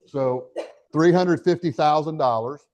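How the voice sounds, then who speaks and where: A middle-aged man giving a live real estate training, energetic and talking straight to the audience with questions. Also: a little high, measured pace, lo-fi sound. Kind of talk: live motivational training talk.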